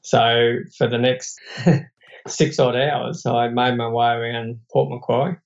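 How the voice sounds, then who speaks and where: A man's voice: mid-range voice, little pitch movement, measured pace, creaky, dull audio. An Australian man, a podcast guest, telling a personal story in an earnest, reflective, plain-spoken way.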